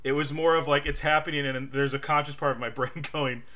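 A young man casually telling a funny story on a podcast, laughing often and acting out quotes in a loud high voice. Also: steady tone, fairly quick. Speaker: podcast co-host.

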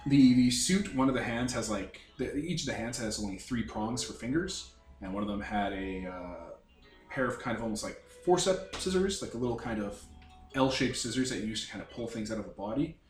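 A man's voice: medium pitch, lively intonation, fairly quick. A man narrating as game master of a tabletop game, rambling and searching for words. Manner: rambling, full of fillers and restarts. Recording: roomy, distant mic with faint music.

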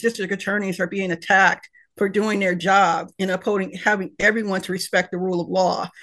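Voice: medium pitch, a bit bright. Impassioned professor guest. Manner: impassioned, emotional, frequent restarts. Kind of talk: passionate panel discussion.

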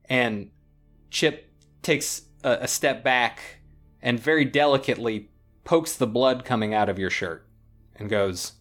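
A man's voice: medium pitch, measured pace, a bit bright, faint music behind. A man narrating a tabletop role-playing game as game master, describing scenes in a loose, detailed way.

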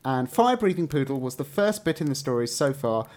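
A man's voice: mid-range voice, big pitch swings, brisk, darkish tone. English man reading listener messages. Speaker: podcast co-host. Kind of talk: casual chat, reading listener messages aloud.

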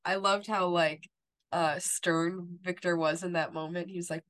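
A woman's voice: lowish voice, level tone, moderate pace, fairly bright tone. A woman co-hosting a podcast, chatting casually about a TV episode and filling her talk with "like" and "you know". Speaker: podcast co-host. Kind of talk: casual TV recap chat.

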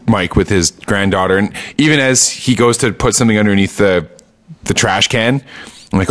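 A man's voice: fairly low pitch, fairly quick, a bit bright. A man casually recapping a TV episode on a podcast, rambling with lots of fillers and acting out quoted lines. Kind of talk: casual chat.

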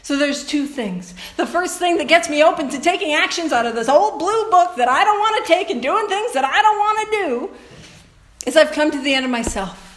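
A woman's voice: high voice, lively intonation, brisk, a bit bright. A woman speaking to a recovery meeting in an earnest, conversational way, often laughing and addressing the room directly. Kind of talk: personal talk to a meeting. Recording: echoey room recording.

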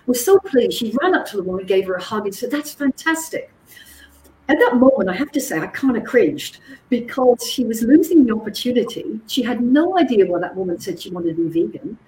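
A woman psychologist gives a teaching talk, telling lively anecdotes and checking in with her listeners as she goes. Her voice is mellow and warm. It sounds roomy and echoey, with a faint hiss behind it. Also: medium pitch. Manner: lively, animated storyteller who checks in with "okay?". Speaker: psychologist and communications trainer.

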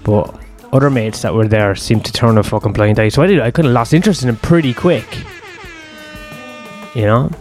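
A man's voice: medium pitch, a little fast, a little mellow, faint music behind. A man, telling a long personal story in a rambling, profane, self-deprecating way. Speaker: host.

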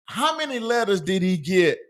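High-voiced man in animated sports banter. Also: moderate pace. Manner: animated, emotional, drawling storytelling. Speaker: sports talk co-host.

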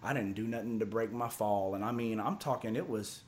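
A man telling a wild story in casual talk, rambling and profane with lots of fillers and restarts. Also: fairly quick. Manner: drops low and quiet for tense parts, gets loud and high for excited quotes. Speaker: storyteller guest.

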